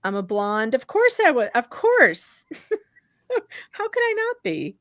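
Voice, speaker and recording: A woman guesting on a casual live-stream chat, loud and playful, teasing and laughing often. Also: on the high side, huge pitch swings, unhurried, no echo, clean studio sound. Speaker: co-host guest.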